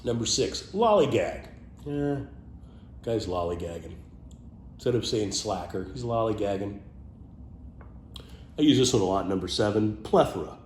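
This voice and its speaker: A man with a lowish voice talks casually and playfully about words he loves, now and then dropping to a muttered aside. The sound is roomy, with a faint hum behind him. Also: animated, normal speed, pauses often, darkish tone. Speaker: vlogger sharing favorite words. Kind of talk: casual off-the-cuff monologue.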